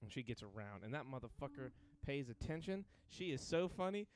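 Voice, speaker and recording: A man's voice: mid-range voice, very animated, a little fast. A young man hosting a podcast, telling rambling, profane stories in casual chat and laughing often. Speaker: podcast host.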